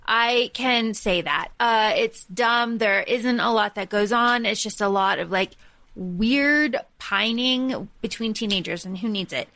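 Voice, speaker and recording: An animated woman co-hosts a casual podcast, her bright, slightly high voice heard close and dry. She talks in loose runs full of fillers and throws in scornful asides. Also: measured pace, no room sound. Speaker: podcast co-host. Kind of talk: casual chat.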